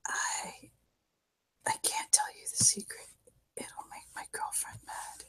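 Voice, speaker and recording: A woman's voice: slow pace, fairly bright tone, poor audio. Woman whispering as a drugged, dazed young man, whispered role-play. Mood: dreamy. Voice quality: breathy whisper. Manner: giggly, dreamy, out of it.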